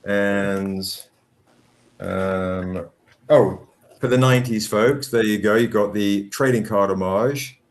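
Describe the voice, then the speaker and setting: A man's voice: on the low side, takes it slowly. A man talking casually as a guest on a podcast over a video call, cheerfully walking through artwork. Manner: upbeat, conversational, pointing things out. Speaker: guest, comic publisher. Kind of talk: casual interview chat.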